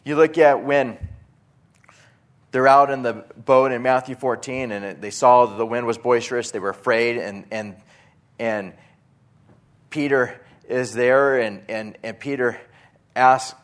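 A man preaching a sermon in an earnest, halting way, with frequent restarts, reading scripture aloud. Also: mid-range voice, fairly even intonation. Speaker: pastor.

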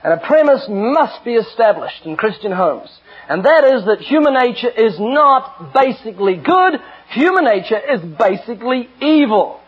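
A man's voice: very high-pitched, very animated, moderate pace, hardly any pauses, husky. A middle-aged man preaching an earnest, emphatic sermon with personal stories. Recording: dull lo-fi recording.

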